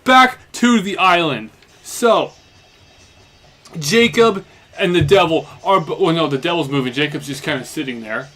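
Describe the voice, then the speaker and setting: A man's voice: a little high, normal speed, a bit bright. Rambling young man recapping casually. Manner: loose and meandering, heavy on fillers like "basically" and "like". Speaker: let's play commentator. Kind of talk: casual rambling recap while playing a game.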